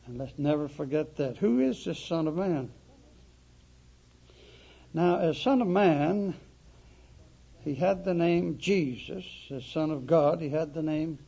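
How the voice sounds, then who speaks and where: Man, preacher, sermon, emphatic, dull lo-fi recording, high-pitched. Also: warm tone, breathy edge. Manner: emphatic, slow, dramatic repetition.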